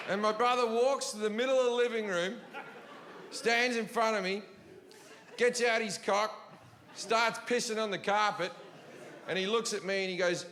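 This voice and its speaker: Man, stand-up comic, profane, rambling, high bright voice, live hall reverb, faint audience noise. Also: normal speed. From Australia. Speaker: stand-up comedian. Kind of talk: stand-up storytelling. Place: large comedy venue with audience.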